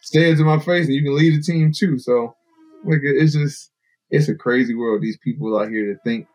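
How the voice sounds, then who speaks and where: A man's voice: mid-range voice, rough recording. A man guest on a podcast, telling stories casually and acting out the people he quotes. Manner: animated, acts out quoted people. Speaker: podcast guest, fighter and bowhunter. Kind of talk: casual storytelling.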